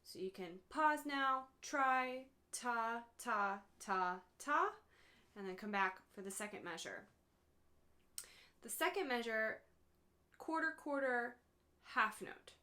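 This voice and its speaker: A woman's voice: fairly high pitch, lively intonation, unhurried, long pauses, sharp tone. A woman music teacher giving a patient, step-by-step lesson to one student, chanting rhythm syllables as she counts beats.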